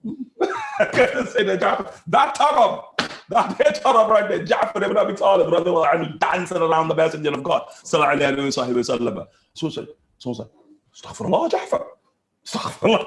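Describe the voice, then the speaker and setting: A man giving an animated religious lesson, acting out voices and laughing often as he teaches. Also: high-pitched, roomy sound.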